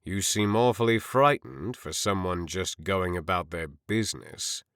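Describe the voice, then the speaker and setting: A man's voice: sits low, measured pace, a bit bright, clear, resonant tone, no echo, clean studio sound. A man voicing a cold, threatening, power-hungry lord in an audiobook. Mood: menacing. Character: scheming older lord, menacing and power-hungry.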